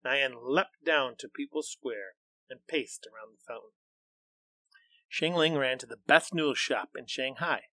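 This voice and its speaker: A man reading a children's storybook aloud in a measured, expressive way. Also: medium pitch, dry recording.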